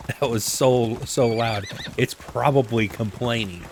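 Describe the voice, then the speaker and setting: A medium-pitched man narrates his video game play unhurriedly, casual and self-deprecating with meandering asides, using a desk microphone. Some slight background noise can be heard.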